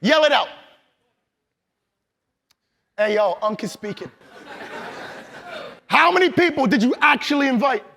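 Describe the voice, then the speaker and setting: A man with a very high voice gives a live motivational training talk in a large event hall. He is loud and hyped, calls on the audience to shout back, and laughs between points. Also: expressive, moderate pace, creaky. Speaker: motivational speaker.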